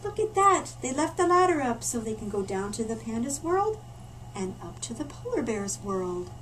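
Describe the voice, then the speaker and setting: A woman reading a picture book aloud to children, her high voice swooping up and down with drama. She turns to her listeners with little asides, and the mic sits far off with a faint hiss in the room behind. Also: big pitch swings, moderate pace. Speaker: librarian storyteller. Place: library.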